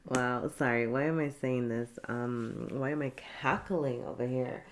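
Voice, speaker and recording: A woman's voice: extremely low pitch, steady tone, measured pace, few pauses, noisy background. A woman giving a casual tarot reading, chatty and laughing often, with many fillers. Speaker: tarot reader.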